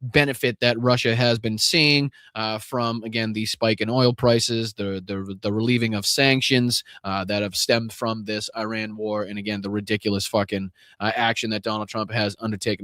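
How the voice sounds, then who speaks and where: A man's voice: lowish voice, fairly even intonation, normal speed, few pauses, a bit bright, no room sound, studio quality. A man with a Boston accent hosting a live political podcast, talking bluntly and profanely with lots of fillers and restarts.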